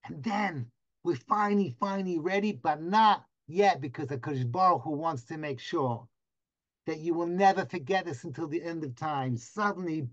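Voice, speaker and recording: A man's voice: high-pitched, lively intonation, moderate pace. Man telling a vivid story over video call. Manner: vivid, dramatic storytelling with sudden loud bursts. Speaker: teacher. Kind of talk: storytelling lesson to a class. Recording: dull lo-fi video call audio.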